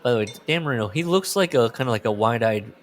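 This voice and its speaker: A man's voice: mid-range voice, animated, fast. A man co-hosting a casual podcast chat, riffing on a book and reading its lines aloud in joking voices. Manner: riffing, reads book quotes in mock voices. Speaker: podcast co-host.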